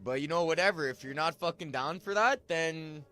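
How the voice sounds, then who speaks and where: A man's voice: a little high, normal speed, pushed and bright, soft background music. A man voicing a crude, laid-back oil-rig worker with an Alberta accent in a parody movie dub. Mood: gruff. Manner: profane drawling slang, rural bluntness.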